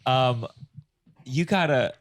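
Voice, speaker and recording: A man's voice: mid-range voice, slow. A man hosting a podcast, chatting casually with his guest. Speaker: podcast host. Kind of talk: casual chat.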